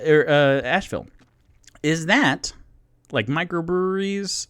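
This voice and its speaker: Young man, light Southern accent, animated rambling podcast host, dead-dry recording. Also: medium pitch, a little slow, long pauses, dry recording. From North Carolina, US. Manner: rambling, self-interrupting, jokey. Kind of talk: casual tipsy chat to an audience.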